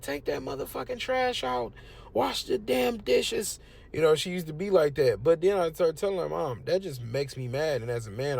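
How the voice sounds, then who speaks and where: A young man, preaching in a casual, emphatic and conversational way. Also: a little high. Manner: conversational, emphatic, lots of "you know what I'm saying". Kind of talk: casual street-preaching talk.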